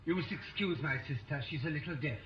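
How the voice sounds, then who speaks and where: An actor with a Mid-Atlantic accent playing a fussy, nervous gentleman of a gloomy old house in a 1930s film, speaking in a prim, precise, faintly sneering way. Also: a little high, fast, dull audio, lightly acted. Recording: roomy old film soundtrack with faint hiss.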